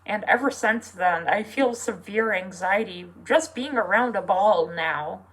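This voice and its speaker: A young adult with a feminine voice opens up in a personal vlog, speaking slowly and haltingly. The talk is earnest and full of fillers, and the emotion sometimes pushes close to tears. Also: female voice, medium pitch, a bit bright, slightly rough, poor audio. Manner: emotional, near tears at times. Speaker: vlogger.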